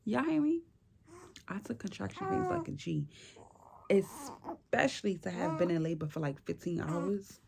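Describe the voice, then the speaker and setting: A young woman telling a personal story in a casual, animated and chatty way, full of slang and fillers. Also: medium pitch, moderate pace, gravelly, long pauses, a loud crowd. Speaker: vlogger.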